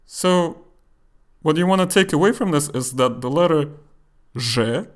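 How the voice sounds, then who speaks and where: A man teaching a language lesson, explaining slowly and carefully and repeating example words, a native Russian speaker. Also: mid-range voice.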